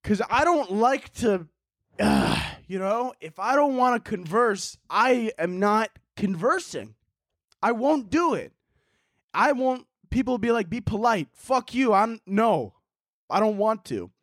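Animated high-voiced male podcaster. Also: takes it slowly, no room sound, studio quality. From Chicago. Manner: animated, profane, acts out the people in his stories. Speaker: podcast host. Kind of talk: solo podcast storytelling.

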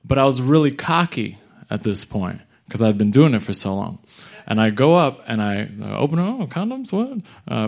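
A young man from New York City telling a comic story live, animated and jumping into voices of the people in it. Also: fairly low pitch. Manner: animated, acts out other people's lines.

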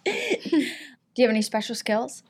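A woman hosting a comedy talk show, firing off quiz questions with deadpan, mock-insulting jabs at her guest. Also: on the high side, unhurried, husky. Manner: dry, mock-insulting quizmaster.

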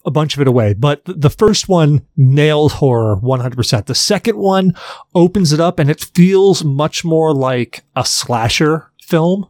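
Animated man telling a story. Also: a little high, a little slow, no echo, clean studio sound. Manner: animated storyteller, swearing, acting out his own yelps. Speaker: podcast co-host. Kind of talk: casual chat.

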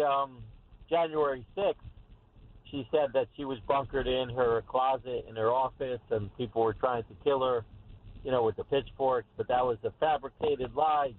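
Male caller on a tinny phone line. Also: medium pitch. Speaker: radio caller. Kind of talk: phone-in call.

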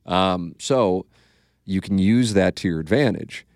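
A podcast host, a man with a St., speaks a little slowly in a low, darkish voice as he bluntly and profanely tells casual stories and acts out quotes. The sound is clean studio audio with no room sound.

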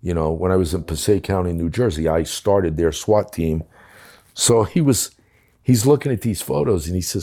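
A man's voice: low-pitched, moderate pace, dark tone. An older man telling a war story from his police days, blunt and profane, acting out the dialogue. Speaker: former police commissioner. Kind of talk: casual storytelling.

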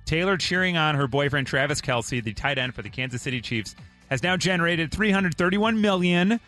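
A playful male morning-radio host, his bright voice bouncing all over the place. He banters and laughs easily. A faint music bed runs underneath. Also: on the high side, animated, fairly quick. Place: radio studio.

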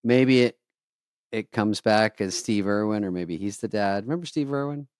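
A man co-hosting a comedy podcast, chatting casually and animated, making silly sound effects. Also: on the low side, normal speed, no echo, studio quality. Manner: animated, makes sound effects and reads comments. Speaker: podcast co-host.

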